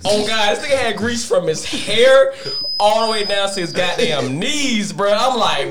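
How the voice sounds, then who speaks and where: A young man telling a funny childhood story in casual chat, animated and laughing, acting out voices. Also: on the high side, fairly quick, background noise. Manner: animated, laughing, acts out voices in his stories. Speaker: podcast co-host.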